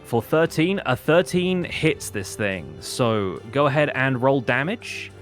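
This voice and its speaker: A man's voice: mid-range voice, animated, slow pace, faint music behind. A man guides players through a tabletop game as its game master. He explains rules patiently and describes the action, with frequent ums and uhs along the way. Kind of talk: narrating a tabletop game on a stream.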